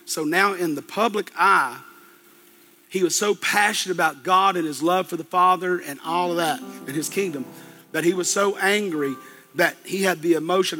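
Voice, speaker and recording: A man's voice: high-pitched, moderate pace, pushed and bright, soft background music. A man preaching a sermon, retelling a story in a folksy, colloquial way with plenty of asides.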